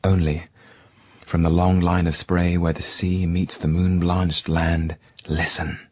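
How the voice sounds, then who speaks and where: A man with a deep, husky voice reads a poem slowly and solemnly, lingering on each word. The sound is dry and close. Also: flat delivery, a little mellow, no room sound. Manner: slow, solemn, lingering on words. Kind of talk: poetry reading.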